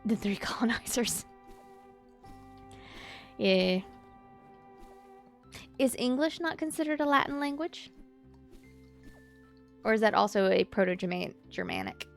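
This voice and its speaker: Woman streamer from louisiana, super gravelly fry, chatty and musing, soft game music in the background. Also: mid-range voice, very animated, unhurried, long pauses. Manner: chatty, musing, reading chat aloud. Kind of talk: casual chat while streaming a game.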